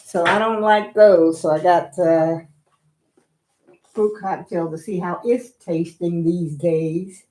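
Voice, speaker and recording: A woman's voice: fairly low pitch, steady tone, slow, a little mellow. An older woman chatting casually on a live stream, homey and talkative, calling her viewers y'all, a little out of breath. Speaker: vlogger.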